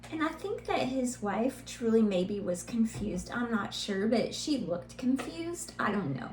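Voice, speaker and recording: A middle-aged woman co-hosting a podcast, telling a family story in a lively, animated way and laughing now and then. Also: a little high, takes it slowly. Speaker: podcast co-host, mother. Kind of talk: casual storytelling chat. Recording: roomy echo, faint hum.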